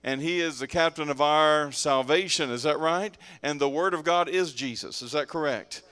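With a slightly high, bright, clean voice at normal speed and no room sound, a male pastor preaches to his congregation in a church sanctuary. He calls out for responses and mixes in jokes and casual, conversational asides.

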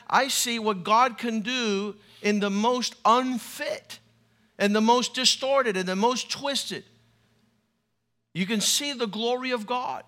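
A man pastor delivers an emphatic sermon, spiked with humor. His voice sits high and sounds bright and forceful, pushing each point home. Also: fairly even intonation, measured pace. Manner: emphatic, humorous preaching with acted quotes.

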